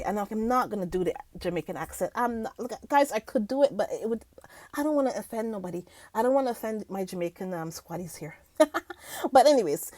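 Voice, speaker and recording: A woman's voice: a little high, sing-song, fairly quick, darkish tone, no echo. A woman vlogger reading news aloud in casual commentary, talking to her viewers, laughing often and stumbling over words. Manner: chatty, addresses viewers as guys.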